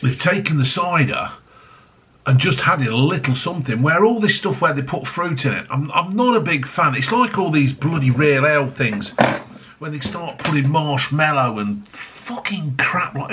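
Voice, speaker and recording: A man's voice: fairly high pitch, fairly bright tone. A middle-aged man, rambling and swearing at his desk while reviewing drinks. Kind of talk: casual review vlog. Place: home desk.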